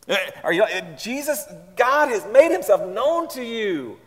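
A man's voice: high voice, sing-song, moderate pace, hardly any pauses, fairly bright tone. Man preaching in a reverberant church. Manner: conversational, emphatic preaching that asks the congregation questions. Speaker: pastor. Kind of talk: sermon.

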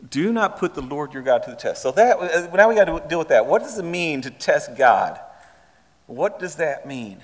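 A man's voice: on the high side, very animated, moderate pace, big-room sound. A man preaching a sermon in a church, speaking conversationally and pressing the congregation with pointed questions. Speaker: pastor.

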